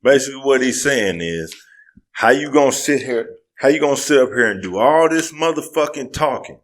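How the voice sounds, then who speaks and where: A man co-hosting a casual podcast, talking heatedly and profanely and breaking into loud outbursts. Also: medium pitch, animated, normal speed. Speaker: podcast co-host.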